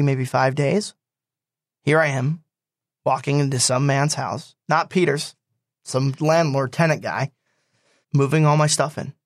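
A young man telling a personal story in casual talk, animated and quick to quote others. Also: medium pitch, dry recording, studio quality.

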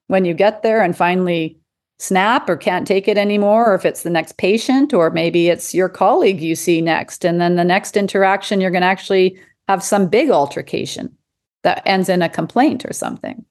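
Woman physician guest, conversational, animated, quotes others in her stories, laughs easily. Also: fairly low pitch. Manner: animated storyteller, acts out quotes, laughs often. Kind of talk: casual conversation.

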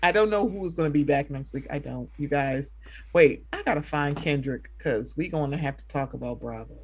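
A woman's voice: low-pitched, normal speed, husky. A woman hosting a casual podcast, playful and laughing, swearing freely and slipping into silly voices. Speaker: podcast host.

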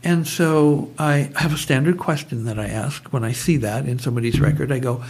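A man's voice: medium pitch, brisk, gravelly, hardly any pauses, a little mellow, slight background noise. A man guest telling stories in conversation, digressive and prone to tangents. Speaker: guest, brainwave trainer. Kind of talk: conversational storytelling.

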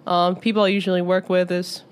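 A woman's voice: on the low side, flat delivery, fairly quick, smooth. A woman writer answering interview questions hesitantly, with many ums. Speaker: writer and guest.

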